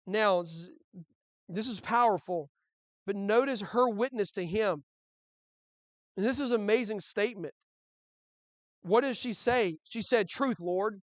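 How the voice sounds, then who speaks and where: A man's voice: high-pitched, measured pace, long pauses, no room sound. A male pastor preaching a sermon in a conversational way, with frequent restarts and rhetorical questions.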